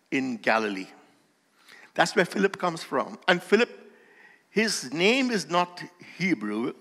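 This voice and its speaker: A male pastor delivers a sermon in a slow, deliberate cadence, leaning hard on key phrases that swell in volume. His voice sits a little high and moves with lively swings of pitch. The sound carries a long reverb from the hall he speaks in. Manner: emphatic preaching with rising volume and slow stressed phrases.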